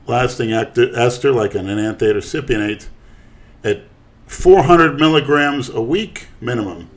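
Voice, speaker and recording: Blunt low-voiced man, crude podcast chat. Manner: blunt, boastful, swings loud on emphasis. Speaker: podcast co-host.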